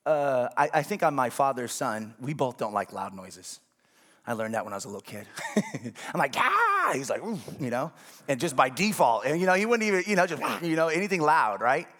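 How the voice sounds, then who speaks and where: A man's voice: medium pitch, expressive, a little fast, a bit bright. Conversational male pastor preaching a sermon. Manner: conversational, checks in with the congregation.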